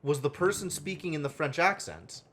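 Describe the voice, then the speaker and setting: A man's voice: fairly high pitch, sing-song, normal speed, fairly bright tone, a little hiss or hum. A man streaming a game live, thinking aloud and muttering counts to himself as he works through a puzzle. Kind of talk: live gameplay commentary.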